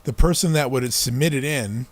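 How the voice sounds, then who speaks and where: A man's voice: medium pitch, normal speed. A man co-hosting a podcast in casual chat, joking and sarcastic. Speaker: podcast co-host and shop owner.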